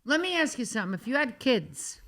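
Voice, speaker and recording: List: woman, podcast guest, casual chat, blunt, emphatic, lively pitch. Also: fairly quick.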